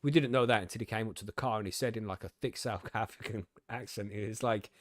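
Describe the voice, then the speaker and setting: A young British man hosts a podcast, telling stories and reading news in a gobby, casual style full of laughing and swearing. His voice is lowish and fast, captured with studio quality and no echo.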